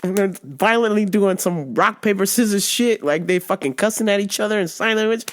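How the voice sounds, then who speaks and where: A woman's voice: mid-range voice, brisk, slight background noise. A woman hosting a podcast, telling a funny story in casual chat, laughing constantly and swearing freely. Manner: laughs constantly, profane, animated. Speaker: podcast host.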